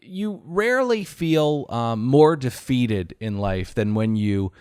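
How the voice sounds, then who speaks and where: Animated man telling an exasperated story. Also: mid-range voice, takes it slowly, clean tone, no room sound, studio quality. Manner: exasperated, swears freely. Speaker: podcast co-host. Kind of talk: casual storytelling.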